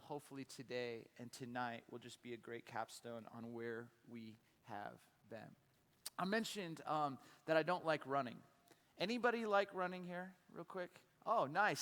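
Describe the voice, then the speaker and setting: A man giving a sermon as a guest preacher, telling a funny story in an animated way with frequent stammered restarts. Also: medium pitch. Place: church sanctuary. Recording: long hall reverb.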